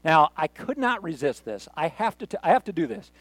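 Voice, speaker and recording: A man's voice: fairly high pitch, sing-song, a little fast, fairly bright tone, no echo. A man pastor preaching a sermon in a joking, self-mocking, conversational way.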